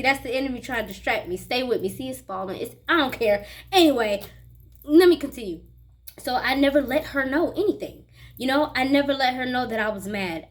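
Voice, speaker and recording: A young woman with a fairly high voice tells a personal story for her vlog. She is chatty and animated, and she keeps speaking straight to her viewers. It sounds like a casual recording on a phone or camera mic. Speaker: vlogger.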